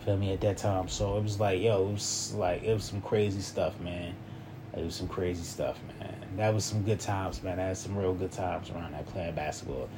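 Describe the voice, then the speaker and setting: A man's voice: low voice, steady tone, moderate pace, background noise. Young man rambling through a story. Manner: loose, rambling, repeats "you feel me". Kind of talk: casual personal storytelling.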